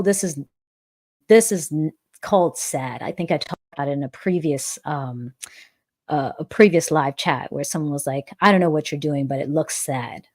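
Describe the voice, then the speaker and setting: Low-voiced woman hosting a live chat. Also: darkish tone. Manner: earnest, reflective, repeats phrases for emphasis. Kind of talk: live-stream Q&A, reading chat comments.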